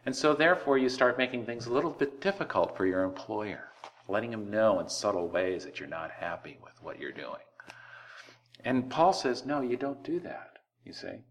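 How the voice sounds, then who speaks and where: A man preaching a sermon, lively and conversational, drawing words out for emphasis and acting out everyday voices. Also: on the low side. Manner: animated preaching, slows words for emphasis and acts out quoted voices. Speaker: pastor.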